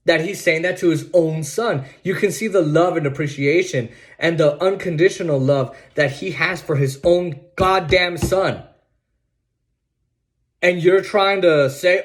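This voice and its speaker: A man's voice: high-pitched, measured pace. A man hosting a podcast of political commentary, sarcastic and emphatic, often repeating himself and restarting sentences. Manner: sarcastic and mocking, laughs at his own points. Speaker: podcast host.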